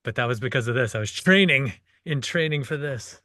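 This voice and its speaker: Bright, dry-voiced modest man. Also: medium pitch, expressive, brisk, no echo. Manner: modest, self-deprecating, laughs often. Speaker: actor. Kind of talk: casual commentary chat.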